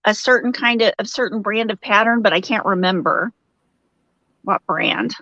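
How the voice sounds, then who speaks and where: A woman's voice: mid-range voice, moderate pace, sharp tone, no room sound. A woman co-hosting a casual crochet livestream over a video call, chatty and giggly, often trailing off mid-sentence. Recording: dull lo-fi video call audio.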